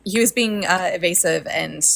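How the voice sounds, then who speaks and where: Low, gravelly-voiced woman panelist. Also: normal speed. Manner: laughs easily, agreeable, talks in restarts. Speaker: panelist on livestream. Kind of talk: casual live discussion.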